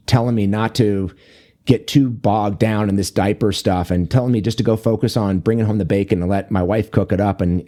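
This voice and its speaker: A man's voice: fairly low pitch, mellow. A man speaking as a guest on an interview podcast about fatherhood, talking casually and rambling with many fillers and restarts. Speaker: fatherhood coach and author, guest.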